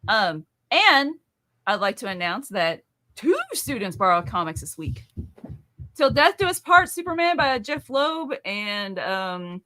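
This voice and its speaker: A woman who teaches, co-hosting a live question-and-answer chat in a playful, animated way. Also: medium pitch, unhurried. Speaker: co-host, teacher.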